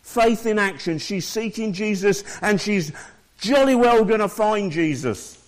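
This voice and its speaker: Slow, higher-voiced male preacher. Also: animated. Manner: reads scripture aloud and explains it to listeners. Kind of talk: sermon.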